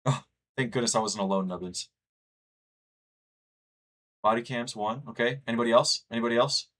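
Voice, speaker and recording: A man's voice: mid-range voice, normal speed, a bit bright. A young man from the United States chatting casually with his livestream chat, rambling and reading messages aloud. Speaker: streamer.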